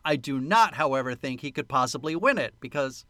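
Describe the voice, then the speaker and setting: A man's voice: mid-range voice, lively intonation, fairly quick, sharp tone, no echo. A man co-hosting a podcast, chatting casually and joking about a movie, laughing often. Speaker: podcast co-host. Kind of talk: casual movie-review chat.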